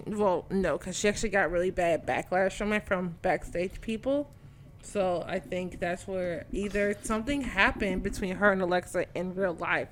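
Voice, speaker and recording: A young woman co-hosting a casual chat, animated and blunt, swearing and laughing often. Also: on the low side, slight background noise. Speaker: podcast co-host.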